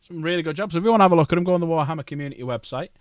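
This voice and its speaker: A man's voice: a little high, very fast, dry recording. Chatty man, dry close sound. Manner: rambling, chatty, talks to chat. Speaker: streamer. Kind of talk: casual live-stream chat while building models.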